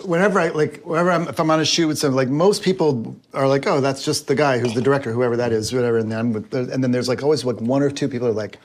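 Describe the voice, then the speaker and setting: A man chatting as a guest in a home kitchen, relaxed and thoughtful, with frequent restarts. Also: medium pitch, fast talker, hardly any pauses. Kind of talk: casual chat.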